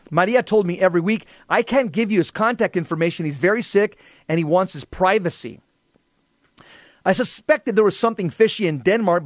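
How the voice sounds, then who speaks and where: A man's voice: high voice, no room sound, clean studio sound. A middle-aged man giving an earnest, emphatic personal testimony about faith. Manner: earnest, emphatic, rises to shouting in quoted exchanges. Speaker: Catholic lay speaker.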